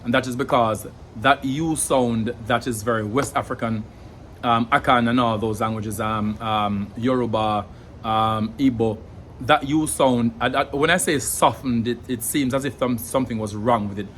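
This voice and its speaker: Jamaican guy talking thru pronunciation, earnest, lots of pauses, bit of faint noise. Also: medium pitch, steady tone, fairly bright tone. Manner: earnest, pausing to search for words, demonstrating sounds. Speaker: language educator. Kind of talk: explanatory monologue.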